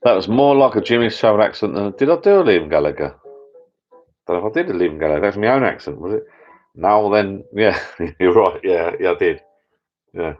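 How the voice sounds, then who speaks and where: A man's voice: deep voice, animated, brisk, faint music behind. A man rambling in a casual live chat with viewers from his home bar room. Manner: rambling, chatty, many restarts. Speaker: channel host. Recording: dull lo-fi sound.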